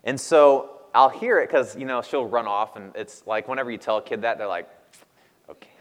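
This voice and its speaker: A man's voice: medium pitch, a little fast. A man in his thirties preaching a sermon in a casual, conversational way with frequent laughs. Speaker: pastor. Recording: long reverb of a hall.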